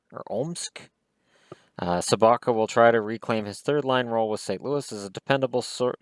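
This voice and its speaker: A man with a fairly low voice talks through casual hockey picks in a rambling, wry way. He makes dry jokes about himself as he goes. The sound is close and dry, with no room around it. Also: no echo. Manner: rambling, wry, self-deprecating asides. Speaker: hockey commentator. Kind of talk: casual solo commentary.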